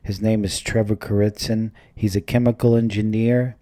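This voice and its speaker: A man's voice: on the low side, level tone, normal speed, warm tone, no echo, studio quality. A man hosting a podcast, introducing a guest and asking questions with brief, friendly acknowledgements. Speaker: podcast host. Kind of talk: casual interview hosting.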